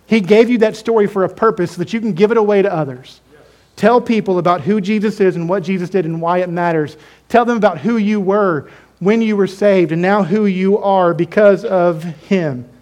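A man delivers a sermon with insistent emphasis, circling back over his phrases and putting questions to his listeners. His voice sits notably high for a man. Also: moderate pace, a little mellow. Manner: emphatic, repeats phrases, asks the congregation questions. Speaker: preacher.

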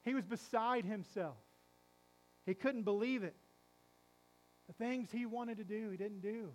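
A middle-aged male pastor preaching a sermon, telling a story dramatically, quizzing the congregation and dropping to a hush for emphasis. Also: high-pitched, a little slow, rough recording. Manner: dramatic storytelling, asks the congregation questions, swings from loud to hushed.

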